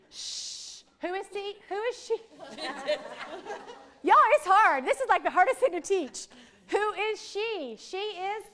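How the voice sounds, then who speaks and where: With a high, fairly bright voice, a literacy trainer presents to a roomful of teachers at a live workshop. She's playful, jokes with her listeners, and stretches out the sounds she's teaching.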